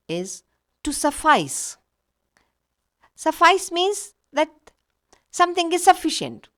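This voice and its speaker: A woman gives a recorded grammar lesson in a fairly high voice that rises and falls a lot. She speaks slowly and patiently, stopping to give example after example. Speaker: English teacher.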